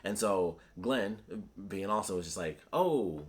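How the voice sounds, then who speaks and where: A man chats through a comic book review in a loose, rambling way. His voice sits a little low. He gets animated and slips into the characters' lines as he retells the scenes. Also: moderate pace. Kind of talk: casual solo review chat.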